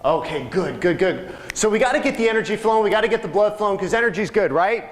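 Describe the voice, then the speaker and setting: Energetic high-voiced man rallying a crowd. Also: fast talker. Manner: energetic, joking, rallying the audience. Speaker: real estate coach and speaker. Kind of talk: live seminar talk to a crowd. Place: large seminar room. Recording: long hall reverb.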